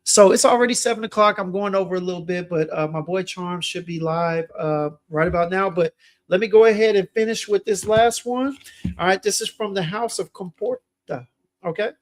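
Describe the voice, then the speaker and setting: Chatty young man with a high voice. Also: moderate pace. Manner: laid-back, chatty, reads viewer comments aloud. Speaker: fragrance livestream host. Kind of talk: casual livestream chat.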